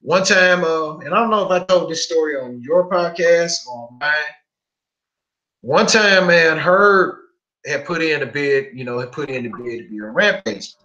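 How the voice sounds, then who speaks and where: A young man with a bright, forceful voice, telling long profane stories on a casual podcast. His delivery is animated, and he keeps slipping into other people's lines as he tells it. The room rings with a roomy echo. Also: on the high side, moderate pace, muffled recording. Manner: profane, animated storytelling with quoted dialogue. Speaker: podcast host.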